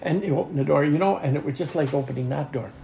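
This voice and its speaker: A man's voice: a little high, quick pace, gravelly, warm tone. An older man tells a long rambling story in an interview, often saying "anyhow" and chuckling along the way. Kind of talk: oral history storytelling. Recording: echoey room with faint ambient noise.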